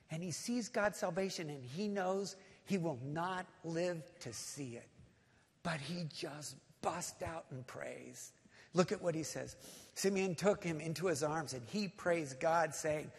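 A male pastor preaching a sermon, retelling scripture in plain talk and building to loud, impassioned appeals. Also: a little high, unhurried, creaky, breathy edge, in a large hall.

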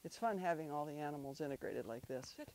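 A woman who owns alpacas and a dog, narrating a casual video in a relaxed, chatty way with small restarts. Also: deep voice, quick pace, slight background noise.

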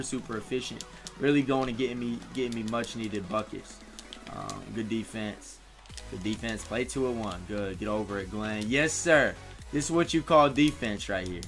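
A man giving live commentary over his own video game, cheering and talking to the players on screen. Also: medium pitch. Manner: excitable, talks to players on screen. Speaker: gaming YouTuber.

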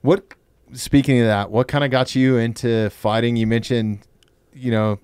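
A man's voice: medium pitch, steady tone, moderate pace, a little mellow, smooth, no echo, studio quality. A man hosting a podcast, asking loose, conversational questions in casual interview chat. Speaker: podcast host.

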